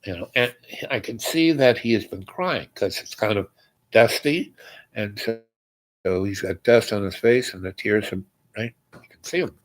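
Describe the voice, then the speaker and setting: A man hosting a show, telling a long personal story in a meandering, halting way and acting out the dialogue. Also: fairly low pitch, poor audio. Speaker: host.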